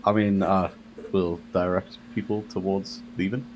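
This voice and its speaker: A man playing in a tabletop game session, talking slowly and hesitantly with a wry tone. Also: deep voice, little pitch movement, a little mellow, slight background noise. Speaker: player. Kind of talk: casual chat in a game session.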